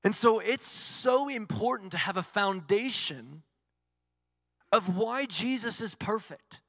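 A man's voice: high-pitched, expressive, slow, fairly bright tone, dry recording, clean studio sound, big-room sound. A male pastor preaching a sermon, asking the congregation questions and answering them himself.

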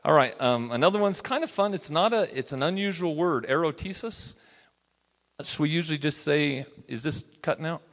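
A man's voice: on the high side, lively intonation, normal speed, fairly bright tone. A man teaching a Bible study class in a conversational way, often checking in with his listeners. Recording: reverberant hall.

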